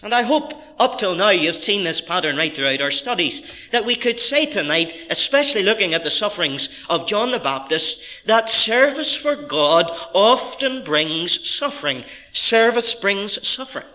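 A man's voice: high-pitched, big pitch swings, moderate pace, few pauses, pushed and bright. A middle-aged man preaching a sermon as pastor, reading scripture and stressing key phrases with earnest, rising emphasis.

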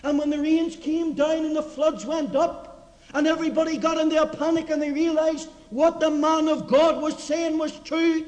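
Preacher guy, really high voice, drops to a hush then shouts. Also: level tone, moderate pace, big-room sound, rough recording. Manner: swings from hushed low asides to loud impassioned shouting. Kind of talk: revival mission sermon.

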